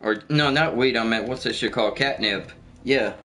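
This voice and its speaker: Loud swearing man barking game orders. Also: mid-range voice, moderate pace. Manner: yells repeated orders to teammates, swears constantly. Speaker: gamer streamer. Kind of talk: profane casual gaming chatter.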